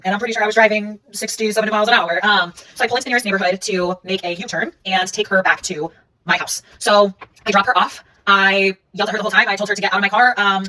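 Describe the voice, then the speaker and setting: A woman telling a personal story in a casual monologue, rapidly recounting events and reading out text messages. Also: mid-range voice, sharp tone, far from the mic, rough recording.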